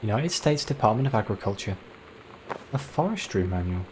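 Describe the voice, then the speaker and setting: A man's voice: fairly low pitch, very animated, moderate pace, darkish tone, slight background noise. A man giving let's play commentary, chatty and self-deprecating, reading notes aloud as he explores. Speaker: video game player.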